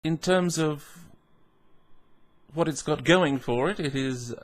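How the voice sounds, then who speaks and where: A man's voice: on the high side, slow. A man hosting a casual tasting vlog, musing aloud with hums, restarts and self-mocking asides. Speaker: whisky reviewer.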